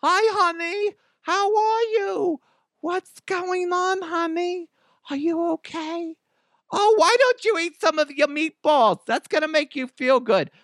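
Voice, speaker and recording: A man putting on a fussy, doting, nagging middle-aged mom voice, high and nasal. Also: slow pace, a bit bright, dry recording, clean studio sound, heavily acted.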